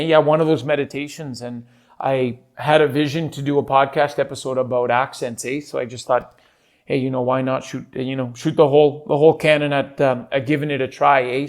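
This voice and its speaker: A chummy small-town Canadian, as a man hams up the accent. He talks in a relaxed, friendly ramble. He ends almost every phrase with "eh.". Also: medium pitch, close to an everyday voice. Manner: tacks on "eh" constantly, chummy.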